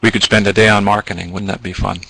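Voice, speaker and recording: Bright-voiced man presenting a webinar. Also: lowish voice, level tone, fast talker, vocal fry, a little hiss or hum, rough recording. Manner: wordy, explanatory, with ums and asides. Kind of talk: business training webinar.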